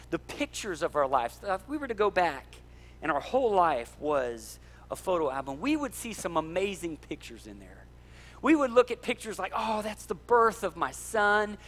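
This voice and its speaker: Animated pastor with a bright high voice. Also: male voice. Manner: animated, joking with the congregation. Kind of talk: sermon. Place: church sanctuary.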